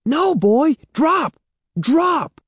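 A man reading aloud and voicing a young boy who talks softly to his dog and yells when alarmed in a storybook. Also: medium pitch, very animated, unhurried, no room sound, studio quality. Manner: soft and gentle at rest, yelling when alarmed.

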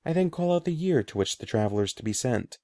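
A man voicing an old, sorrowful male wizard who speaks softly and gravely, halting with grief. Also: medium pitch, lively intonation, no echo, studio quality, close to an everyday voice.

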